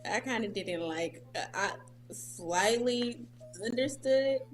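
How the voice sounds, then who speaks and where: A woman's voice: fairly high pitch, animated, slow pace. Firm female co-host of a sports show. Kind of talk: casual sports debate.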